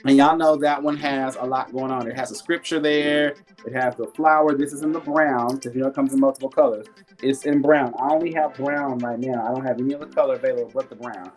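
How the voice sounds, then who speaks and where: Chatty male live-stream seller, laughs a lot, churchy warmth, faint music behind. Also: mid-range voice, fairly even intonation, brisk. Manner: chatty, laughs often, reads viewer comments aloud; warm and churchy, talks faith. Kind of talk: casual live sales stream.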